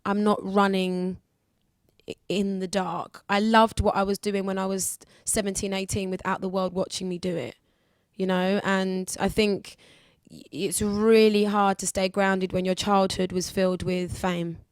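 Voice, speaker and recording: A woman's voice: mid-range voice, unhurried, dry recording, studio quality. Candid woman in her twenties. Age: 20s. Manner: candid, lively, acts out other people's voices. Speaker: guest singer. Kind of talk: casual radio interview chat.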